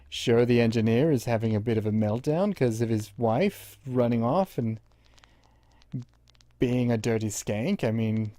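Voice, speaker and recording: A man's voice: mid-range voice, mellow, no echo. A young man giving rambling, crude running commentary while playing a game, mocking the characters with joking insults. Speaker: gameplay commentator.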